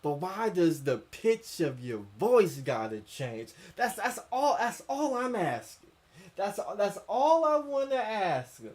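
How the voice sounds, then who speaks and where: A man's voice: high voice, sing-song, takes it slowly, darkish tone. A man hosting a casual commentary stream, reading chat comments aloud with stammering repeats, chuckles and incredulous questions.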